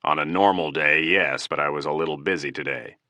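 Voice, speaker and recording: A composed, unflappable FBI agent, voiced by a male audiobook narrator. He speaks evenly in a deep register. The recording is dry and close. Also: a little fast, no room sound. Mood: calm. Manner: even, composed.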